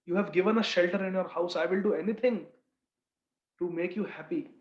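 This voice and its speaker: Male storyteller as a gentle mother, reassuring, confident, echoey, slightly dull recording. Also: sits high, fairly quick, close to an everyday voice. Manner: soothing, confident.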